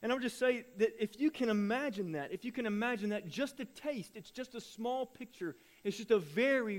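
Pastor with a high-pitched voice, animated preacher who acts out his stories. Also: brisk, few pauses. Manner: animated storytelling, acting out voices. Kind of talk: sermon.

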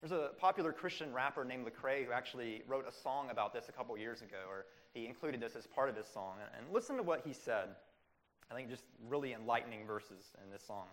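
A man's voice: medium pitch, fast talker. A man preaching a sermon, asking rhetorical questions and acting out quoted voices. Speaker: pastor.

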